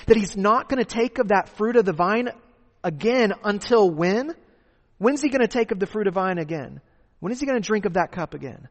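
A man preaching a sermon, asking rhetorical questions and repeating his key points for emphasis. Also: high voice. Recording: long hall reverb.

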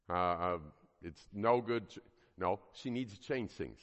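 A man's voice: on the low side, normal speed, fairly bright tone, dull audio. A man teaching a parenting class to a live group, earnest and emphatic, often putting questions to the audience. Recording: long hall reverb.

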